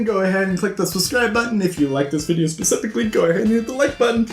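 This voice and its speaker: Animated man recapping a book. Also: sits high, brisk, few pauses, soft background music. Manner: animated, playful sign-off. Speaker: book vlogger. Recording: roomy echo.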